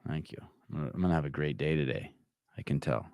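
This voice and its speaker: A man's voice: very deep voice, fast talker, creaky, darkish tone, dry recording, studio quality. Brash, profane male podcast host. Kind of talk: live call-in show chat.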